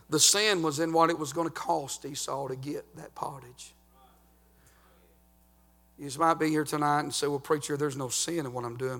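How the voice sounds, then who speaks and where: A man preaching a sermon as pastor, swinging from sung, shouted climaxes down to low, hushed warnings. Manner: fervent preaching, rising to chanted shouts then dropping low.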